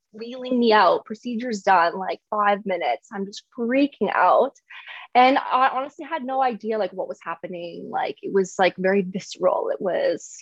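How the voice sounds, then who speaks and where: A woman's voice: medium pitch, no echo. A woman talking candidly in casual chat, laughing often and full of "like". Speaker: guest. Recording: slightly dull, dry sound.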